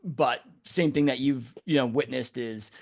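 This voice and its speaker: A casual male podcast host asking his guest questions over an online call. He talks at an ordinary pitch and keeps slipping "dude" and "you know" into his sentences. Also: a little slow, darkish tone. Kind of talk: podcast conversation. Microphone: online call mic.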